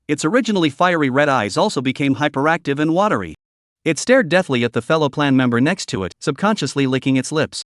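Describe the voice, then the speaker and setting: A man narrating a scripted story recap in a steady, even reading voice. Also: on the high side, no echo, clean studio sound.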